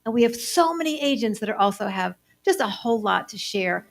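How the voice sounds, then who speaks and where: A woman co-hosting a live conference, bubbly and excited as she addresses the room. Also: mid-range voice, a little fast, creaky. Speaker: co-host. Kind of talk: live event emcee talk.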